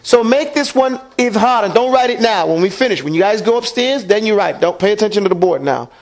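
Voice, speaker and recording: A man's voice: high voice, expressive, a little fast. A man teaching Quran recitation in a classroom, asking questions and having the students repeat after him. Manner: asks the class questions and drills them to repeat. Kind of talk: classroom lesson.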